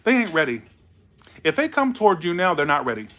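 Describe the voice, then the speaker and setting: A man's voice: a little high, very animated, brisk, a bit bright. A tipsy man doing a loose, rambling, playful tarot reading. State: tipsy from alcohol. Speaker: tarot reader.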